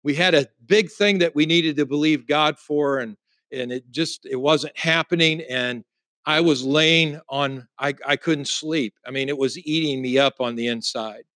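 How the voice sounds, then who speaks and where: A man preaching a sermon as a pastor, telling a personal story and swinging between loud emphasis and hushed, quiet moments. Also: fairly high pitch, unhurried, no room sound, studio quality.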